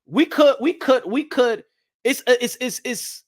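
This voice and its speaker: A man's voice: very high voice, unhurried. A man talking boxing casually, repeating himself and teasing his viewers. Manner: animated, repetitive, hypes and teases viewers. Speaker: boxing commentator.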